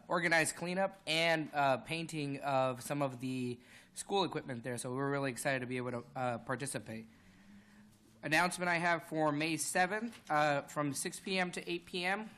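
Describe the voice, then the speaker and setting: Clear, slightly high council member. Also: male voice, a bit bright. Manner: casual with many fillers. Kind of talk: meeting announcements.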